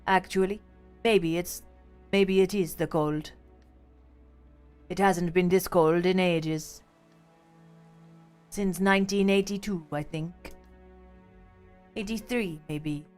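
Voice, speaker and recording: A woman voicing a weary middle-aged male detective who shivers and talks in a slow, dragging, hushed way. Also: lowish voice, steady tone, soft background music.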